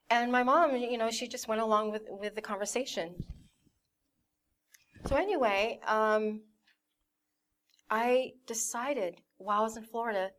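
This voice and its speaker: A woman's voice: on the high side, a little slow, pauses often, fairly bright tone. A young woman giving a personal testimony in a candid way, acting out her family's voices as she tells it. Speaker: church member giving a testimony.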